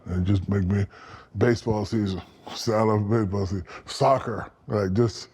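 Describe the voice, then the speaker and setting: A man in his fifties, a podcast guest, telling animated, profane stories and acting out quoted lines. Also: on the low side, normal speed, breathy edge. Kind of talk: storytelling in casual interview.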